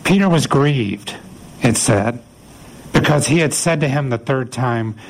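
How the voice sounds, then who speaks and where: A man's voice: medium pitch, a little slow, slight background noise, poor audio. A man preaching a sermon in a conversational way, acting out the lines of the people in the story. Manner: conversational, acts out voices of biblical figures. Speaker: pastor.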